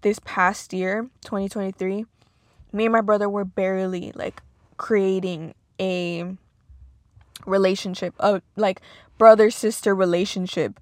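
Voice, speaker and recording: A woman's voice: mid-range voice, steady tone, a little slow, no room sound, clean studio sound. A young woman hosting a podcast, talking casually and emotionally about her past with lots of "like"s. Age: young adult. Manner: casual, emotional, filler-heavy with many "like"s. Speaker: podcast host. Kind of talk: personal monologue.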